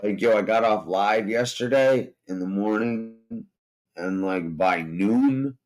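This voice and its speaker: A hoarse man chatting casually and profanely to his live-stream viewers, rambling from topic to topic. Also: on the low side, darkish tone, low-quality recording. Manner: profane, rambling and laid-back. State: hoarse, strained voice. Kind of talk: casual livestream chat.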